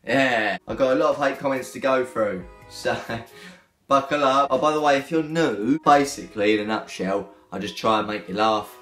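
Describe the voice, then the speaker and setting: A man's voice: mid-range voice, moderate pace, fairly bright tone. Cheeky young man vlogging. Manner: cheeky, joking, slangy banter. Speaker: YouTuber reacting to hate comments. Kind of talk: casual comedic vlog. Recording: echoey room with faint music.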